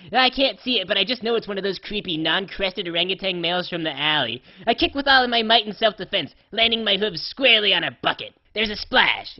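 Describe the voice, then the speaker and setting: A scatterbrained female pony, voiced by a performer, rambles through her comedic first-person story in a mid-pitched, offhand drawl, peppered with "uh" and "like". The voice sits at an ordinary middle pitch. The recording is slightly dull and lo-fi. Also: natural voice.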